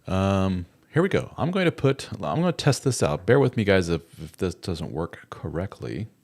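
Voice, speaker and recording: A man's voice: sits low, sing-song, moderate pace, a little mellow. A middle-aged man hosting a casual live-stream chat, jokey and chatty as he greets viewers and reads their comments aloud. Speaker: host of a live chat show.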